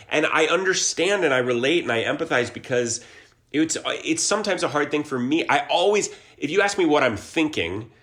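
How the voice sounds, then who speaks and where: A man in his forties, from Ohio, speaks as an interview guest at an ordinary pitch. He sounds earnest and reflective. He trails off and restarts his thoughts as he searches for the right words. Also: fairly bright tone. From Columbus, Ohio. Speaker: guest, actor and musician. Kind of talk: casual conversational interview.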